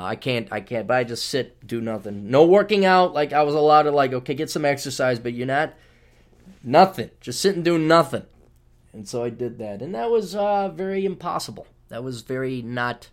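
Podcast host, man, 40s, mid-pitched, rambling and crude, big swings in volume. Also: normal speed. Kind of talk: casual monologue.

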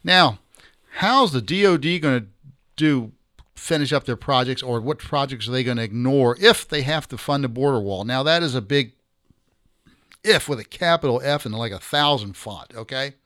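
A man's voice: medium pitch, expressive, moderate pace, fairly bright tone, dry recording, clean studio sound. An older man hosting his own talk show, speaking in a blunt, folksy and opinionated way. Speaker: podcast host. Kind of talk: casual talk-show monologue.

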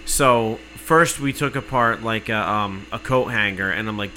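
On a rough recording, a man in casual podcast chat tells an exasperated story, cursing freely and working himself up to shouting. His voice is fairly low and unhurried.

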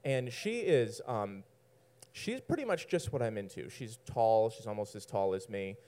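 A man's voice: on the low side, expressive, measured pace, darkish tone. Rambling, self-mocking male storyteller. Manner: rambling, self-mocking, laughs at his own lines. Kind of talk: personal story told to an audience.

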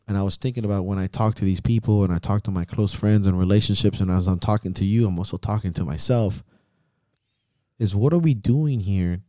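Low mellow guy on a podcast, swears constantly, fired-up motivational rant, dry close sound. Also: no room sound. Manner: intense, profane, pep-talk delivery. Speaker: podcast host.

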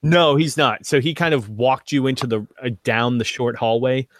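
A man acting as game master, describing scenes in a relaxed, rambling way with lots of fillers. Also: mid-range voice, moderate pace, no room sound, studio quality. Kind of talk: narrating a tabletop game.

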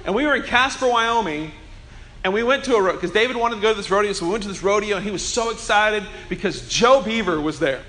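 A man preaching a Sunday sermon, telling humorous, chatty stories and slowing down to press points home. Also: sits high, animated, a bit bright. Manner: earnest preaching with slow emphasis. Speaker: pastor.

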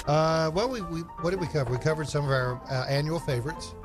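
Need a man for a deadpan film chat co-host, dry jokes, clear music bed behind him. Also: fairly high pitch, fast talker. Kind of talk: casual chat about movies.

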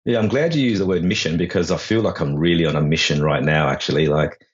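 A man with a very low voice talks as a podcast guest in a loose, chatty way. The audio is dull and lo-fi. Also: fast, husky. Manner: chatty, with fillers and restarts. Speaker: author and burnout coach, podcast guest. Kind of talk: casual interview talk.

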